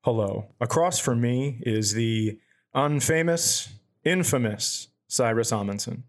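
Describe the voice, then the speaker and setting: A man hosting a comedy podcast, riffing jokes in a casual deadpan way. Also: medium pitch, slow.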